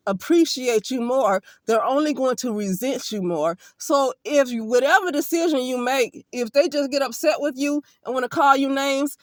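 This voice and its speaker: A woman's voice: sits high, normal speed, hardly any pauses, no room sound. A woman from Alabama, an occupational therapist talking bluntly and emphatically in a casual vlog monologue, with some profanity.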